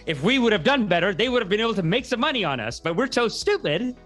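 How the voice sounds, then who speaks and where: A man's voice: sits high, sing-song, fast talker, fairly bright tone, soft background music, pitched above the performer's own voice, exaggerated voice. A man voicing an older uncle who earnestly runs down his own people and praises the British. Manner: earnest, self-deprecating. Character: older Indian uncle, meek and pro-British.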